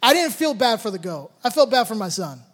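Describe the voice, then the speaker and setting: A man with an unusually high voice tells a story about his family, acting out each beat with shouted sound effects. His words ring out with the long reverb of a large hall. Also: a little fast. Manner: animated, acts out the moments with shouted sound effects. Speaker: father telling a personal story. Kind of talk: storytelling talk with a life lesson.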